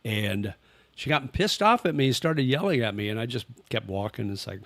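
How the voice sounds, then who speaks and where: A man's voice: mid-range voice, animated, normal speed, fairly bright tone, dry recording. An older man hosting a casual livestream, rambling easily and answering chat questions. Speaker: livestream host. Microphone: webcam with face tracking.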